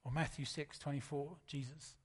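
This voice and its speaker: Conversational preacher, fairly high voice. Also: male voice, fairly even intonation, moderate pace, slightly rough. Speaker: pastor. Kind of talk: sermon.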